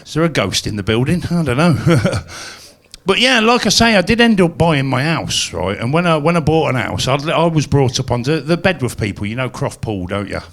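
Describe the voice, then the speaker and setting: A man's voice: on the high side, very animated, moderate pace, fairly bright tone. A man performing a chatty, self-mocking stand-up set at a live venue. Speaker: stand-up comedian.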